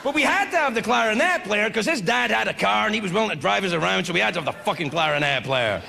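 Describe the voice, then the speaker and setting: A man doing a stand-up comedy set, loud, animated and heavily profane in his delivery. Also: sits high, fast talker, vocal fry. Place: comedy venue before an audience. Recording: live club with crowd and noise.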